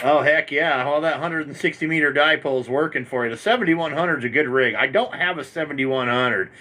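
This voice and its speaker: A man's voice: fairly high pitch, a little fast, pushed and bright. A man working an amateur radio station from home, chatting casually and rambling on, worn out after hours on air.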